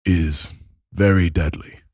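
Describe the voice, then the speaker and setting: A man voicing a gruff male troll warrior who forces out halting, broken words. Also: low voice, steady tone, a little mellow, no room sound, clean studio sound, full character voice. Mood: terse. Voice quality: guttural.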